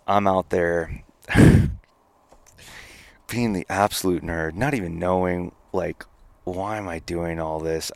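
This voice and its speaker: A man, a podcast guest, casually telling a long, animated story and laughing at his own misadventure. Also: low-pitched. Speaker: podcast guest, company founder.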